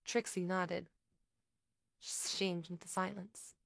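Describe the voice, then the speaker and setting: A woman narrating a story in a steady, even reading. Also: on the low side, normal speed, vocal fry, no echo, clean studio sound.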